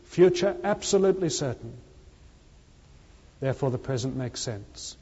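A man preaches in a church, emphatic and repetitive, his voice falling low on the lines he quotes. His voice is mellow and slightly husky. The dull, lo-fi recording carries a long reverb from the hall. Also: animated, normal speed. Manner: emphatic, repeating key phrases, dropping his voice on quotes. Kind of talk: sermon.

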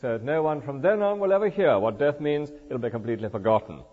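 An older man delivers an expository sermon, his pitch rising and falling with animated emphasis. His voice rings with a long church reverb, and the recording sounds dull and lo-fi. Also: a little fast. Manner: lively expository preaching, rhetorical asides. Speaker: preacher.

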